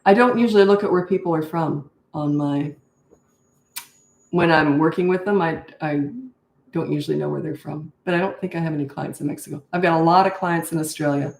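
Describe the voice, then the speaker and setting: A woman's voice: a little fast, gravelly, a little mellow. An older woman coaching parents in a live question-and-answer session, direct and matter-of-fact. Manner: direct, matter-of-fact advice, acts out kids in high voices. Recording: echoey room.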